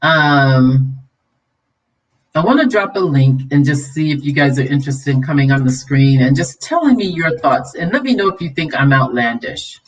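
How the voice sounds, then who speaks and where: A woman's voice: sits low, lively intonation, normal speed, distant mic, poor audio. A woman hosting a livestream commentary, preachy and scolding, then chatty and laughing with her viewers. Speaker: vlog host.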